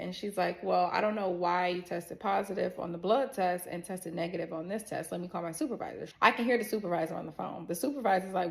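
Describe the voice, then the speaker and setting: A young adult woman telling a personal story in a casual, animated way, blunt and swearing, talking straight to her viewers. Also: fairly low pitch, fast talker, vocal fry, few pauses. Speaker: storyteller vlogger.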